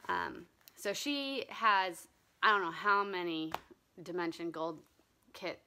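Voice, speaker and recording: A woman's voice: on the low side, expressive, slow pace, sharp tone, slight background noise. A woman vlogger chatting casually about her stitching, rambling along with ums and restarts. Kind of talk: casual chat.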